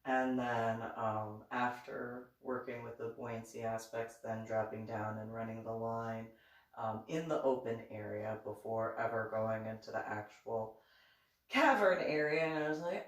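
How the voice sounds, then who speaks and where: This very deep-voiced reverend speaks at a measured pace, sounding roomy and far from the microphone. Commenting on her diving memoir as she reads, she lets a casual story unfold with lots of laughter, frequent restarts, and lively impressions of both people in the exchange.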